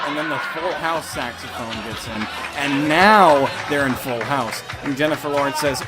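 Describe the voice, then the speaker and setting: A man's voice: mid-range voice, sing-song, moderate pace, hardly any pauses, over a noisy crowd, heavy background noise. A man giving a sarcastic, profane, exasperated movie review. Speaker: film reviewer.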